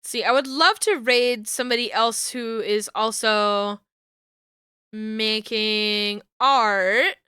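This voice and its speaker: A woman streamer talks to her chat in an animated, giggly way, drawing her stories out at an unhurried pace. Her voice sits high and sounds bright and crisp. The sound is dry, picked up close on a desk mic. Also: dry recording.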